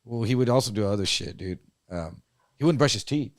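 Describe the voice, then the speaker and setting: A man co-hosting a podcast, telling a story in a casual, profane and animated way. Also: fairly low pitch, brisk, no room sound, studio quality. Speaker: podcast co-host.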